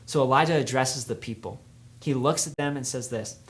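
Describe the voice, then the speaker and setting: A man's voice: mid-range voice, a little fast. Young male youth speaker, casual storytelling sermon, energy rising and dropping. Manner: conversational storytelling, swings from energetic to hushed.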